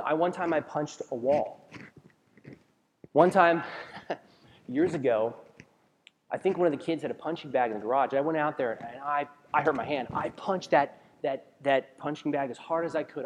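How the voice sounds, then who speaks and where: A man's voice: a little high, normal speed. A man preaching a sermon as a pastor in a conversational way, asking the congregation questions and often restarting his sentences. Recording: long reverb of a large hall.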